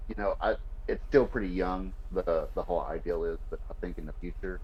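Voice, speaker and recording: A man as a podcast guest in casual chat, speaking haltingly and stammering at times. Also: sits low, slightly rough, highs cut off. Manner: halting, stammers when unsure.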